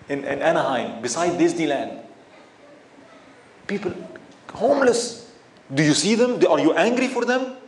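A man giving a religious lecture, impassioned and full of rhetorical questions that build to emphatic outbursts. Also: a little high. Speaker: Islamic lecturer. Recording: echoey room with faint background noise.

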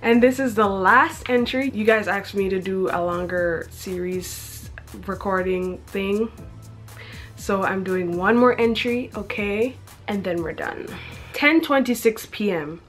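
A woman's voice: medium pitch, measured pace, soft background music. A young woman reading her teenage diary aloud, breaking off for chatty, self-mocking asides and frequent giggles. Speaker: vlogger.

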